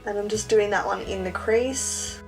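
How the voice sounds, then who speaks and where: A woman's voice: medium pitch, normal speed, faint music behind. A young woman chatting casually and self-mockingly through a makeup tutorial. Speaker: beauty vlogger.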